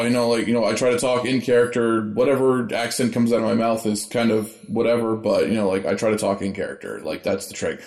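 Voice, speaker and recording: A man's voice: on the low side, fairly even intonation, quick pace, few pauses, a little mellow. A man co-hosting a casual podcast chat as a game master, rambling with many fillers. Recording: roomy echo.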